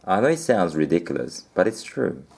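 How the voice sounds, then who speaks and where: A man's voice: low voice, sing-song, moderate pace, creaky, a little mellow. A man reading a children's storybook aloud, with playful asides to the listener.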